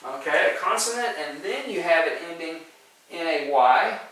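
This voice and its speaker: A man's voice: a little high, lively intonation, moderate pace, a bit bright. A male teacher giving a spelling lesson, explaining step by step and often checking in with "okay?" and "right?". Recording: very echoey room, voice from far off the mic.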